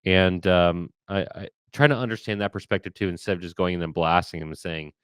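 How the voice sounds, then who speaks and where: A man hosting a podcast interview, talking in an animated, emphatic way with frequent restarts. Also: deep voice, fast, clean tone, dry recording, studio quality. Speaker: podcast host. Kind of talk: conversational interview.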